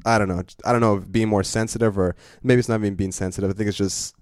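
A man's voice: lowish voice, fairly even intonation, fast talker, darkish tone, no echo, clean studio sound. A young man co-hosting a casual podcast, laid-back, agreeing and chiming in. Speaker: podcast co-host.

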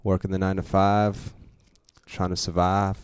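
A man's voice: sits low, flat delivery, normal speed, clean tone, no echo, clean studio sound. A young man co-hosting a casual podcast, laid-back, agreeing and chiming in. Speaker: podcast co-host.

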